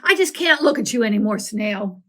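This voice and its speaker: A woman's voice: on the high side, expressive, a little slow. A woman voicing a cranky young girl in a storybook, sounding sulky and snappish. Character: cranky young girl having a bad day.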